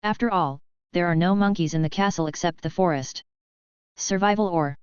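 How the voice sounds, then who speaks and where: A woman voicing a playful, wise old male wizard headmaster, speaking slowly and in a teasing tone. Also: fairly low pitch, clear, resonant tone, no room sound, close to an everyday voice. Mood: wry, gentle. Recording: dull, lo-fi, dry.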